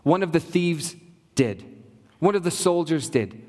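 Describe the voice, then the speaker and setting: A male pastor delivers an earnest sermon in a fairly high voice, building his points through rhythmic repetition. His words ring out with a long reverb, as if he is speaking in a large church. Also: expressive, a little slow, darkish tone.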